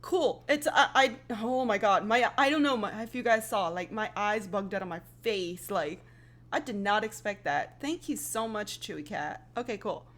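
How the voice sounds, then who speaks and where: A woman hosting a casual reaction video, excitable and rambling, swearing freely with lots of fillers. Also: mid-range voice, normal speed.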